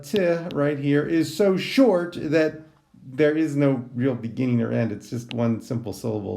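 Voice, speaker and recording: A man with a medium-pitched, warm voice and some vocal fry leads a Greek translation lesson, recorded as a class lecture. He reasons out loud, often saying um and starting over.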